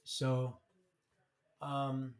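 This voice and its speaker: A man's voice: medium pitch, completely flat delivery, very slow. A man casually telling his life story on a live stream, rambling and colloquial, with frequent restarts. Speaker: livestream storyteller. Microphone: streaming mic.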